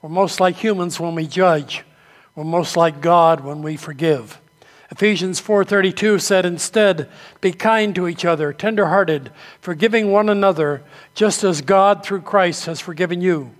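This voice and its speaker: High-voiced preacher in a reverberant hall. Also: male voice, normal speed. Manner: storytelling preacher, acts out quoted voices. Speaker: pastor. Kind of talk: sermon.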